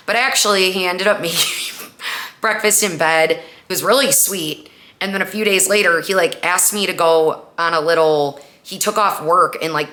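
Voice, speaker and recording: A podcast host with a low, bright-toned voice tells a story in a casual monologue. She's chatty and animated, saying "like" often and acting out the quotes as she retells it.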